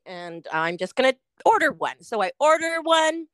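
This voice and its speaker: A woman co-hosting a podcast, telling a fast food rant in casual chat, swearing freely and animated. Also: high voice, no echo. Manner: swears a lot, animated ranting storyteller. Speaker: podcast co-host.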